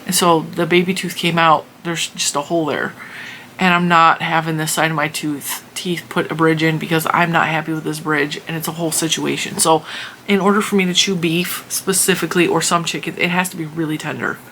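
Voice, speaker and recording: Speaking briskly in a low-pitched voice with a bright edge, the host of a crafting channel, a middle-aged woman, recounts a story with laughs and animated exasperation. A faint hum of noise sits behind her.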